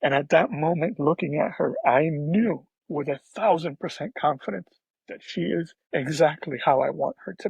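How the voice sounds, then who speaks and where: As a podcast guest, a man shares an emotional personal story, soft-spoken and halting, often restarting his sentences, yet animated. His gravelly, husky voice is pitched a little high. The dry, dull sound suggests a muffled remote recording.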